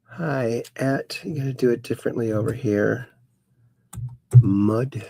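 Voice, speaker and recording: A man's voice: mid-range voice, a little slow, noisy background. A man hosting a casual livestream, reading viewers' chat messages aloud in a folksy, playful sing-song way. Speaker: host.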